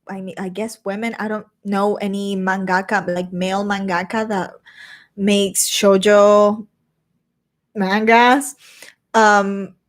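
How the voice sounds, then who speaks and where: A young woman, fairly high-voiced, talks casually to her chat on a stream. She rambles from one topic to the next and reads out comments as they come in. She swears offhandedly and switches freely between English and Spanish.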